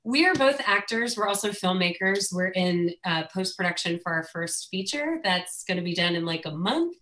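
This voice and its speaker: Female caller, bright lowish voice, chatty, home video-call audio. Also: expressive, normal speed, low-quality recording. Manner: chatty, a bit rambling. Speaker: caller, actor and filmmaker. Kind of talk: asking a question on a video call.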